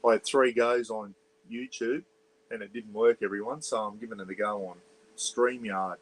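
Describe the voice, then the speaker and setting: An Australian man runs an offhand, rambling livestream from inside a small caravan, talking into an iPad. He greets viewers by name and reads out their comments. He keeps his voice a bit low so he doesn't disturb the neighbours. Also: steady tone, normal speed, a little hiss or hum, rough recording. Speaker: livestream host. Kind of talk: casual livestream chat.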